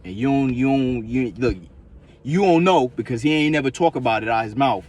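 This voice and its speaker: A man's voice: medium pitch, expressive, a little fast, a little mellow. A man vlogging in a casual, rambling monologue, profane and repetitive, full of loose street slang.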